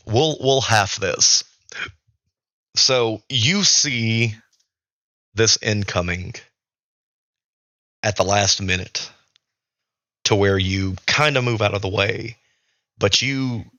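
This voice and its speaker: A man's voice: on the low side, pushed and bright, no room sound, highs cut off. A man running a tabletop game as storyteller, ruling on rolls and narrating in a hesitant, thinking-aloud manner.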